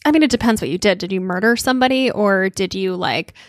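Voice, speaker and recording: A woman co-hosting a podcast, talking in a loose, wry way and musing out loud with lots of "like" and "you know." Her voice sits in a middle range, recorded close and dry with no room sound. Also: medium pitch, fast, no room sound. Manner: chatty, wry, thinks aloud with fillers. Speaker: podcast co-host. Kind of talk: casual chat.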